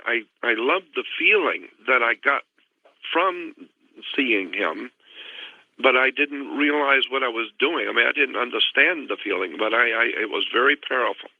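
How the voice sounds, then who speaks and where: A man with a gravelly, creaky voice calls in to a radio show, telling a long personal story in an earnest, meandering way. The phone line is tinny and dry. His pitch sits in an ordinary middle range. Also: no room sound. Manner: earnest, rambling retelling of a past encounter. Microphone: telephone.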